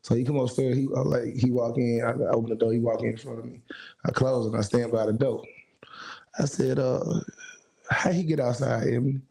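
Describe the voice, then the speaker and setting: A man, a singer guest, telling stories in an animated, casual way, acting out the voices he quotes in streetwise slang. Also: mid-range voice, fairly quick, vocal fry, low-quality recording. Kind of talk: casual storytelling.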